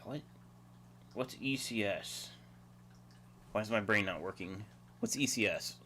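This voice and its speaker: A man's voice: on the low side, measured pace, pushed and bright, a little hiss or hum. A man hosting a casual livestream, rambling and chuckling as he reads out viewer chat. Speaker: livestream host.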